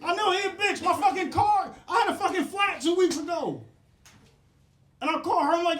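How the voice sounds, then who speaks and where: A young stand-up comedian with a very high, expressive, brisk, slightly bright voice performs a profane set on a comedy club stage. He riffs with the crowd and laughs at his own jokes, with roomy club sound in the recording.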